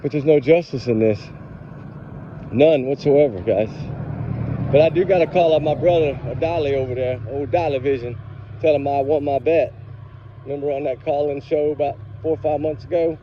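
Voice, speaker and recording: A man's voice: on the high side, normal speed, highs cut off, a little hiss or hum. A man hosting a true crime channel, ranting angrily to his viewers while walking around a grocery store parking lot. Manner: angry, fired up, talks straight to viewers. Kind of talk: casual ranting vlog to viewers.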